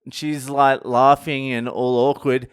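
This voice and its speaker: His medium-pitched voice is clear and resonant, with little pitch movement and an unhurried pace, captured in a dry, clean studio recording. A young Australian vlogger, he delivers a profane storytelling rant to camera, crude and mocking, heavy on swearing, and laughing at his own jokes.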